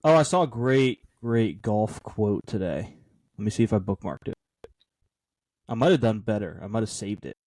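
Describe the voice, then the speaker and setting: A man's voice: on the low side, lively intonation, moderate pace, a little mellow, no echo. A man co-hosting a casual sports podcast, joking and playful as he runs through his bets. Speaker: podcast co-host.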